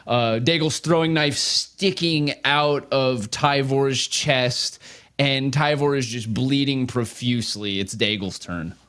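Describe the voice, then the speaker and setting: A man's voice: mid-range voice, slow pace, a bit bright, clear, resonant tone. Man running a tabletop game. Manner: laughing, loose storytelling with fillers. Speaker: game master.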